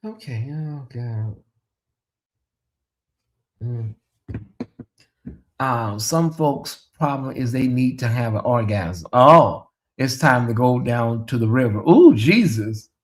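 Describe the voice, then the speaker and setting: A man's voice: medium pitch, slow, pauses often. A man hosting a casual livestream, chatting animatedly and reading out viewer comments with exclamations and asides. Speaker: livestream show host.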